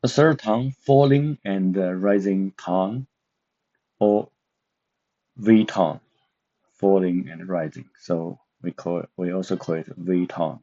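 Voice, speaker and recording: A man teaching a language lesson, explaining slowly and carefully with frequent pauses and fillers. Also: low voice, dark tone. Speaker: Mandarin teacher. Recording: dull, muffled lo-fi recording.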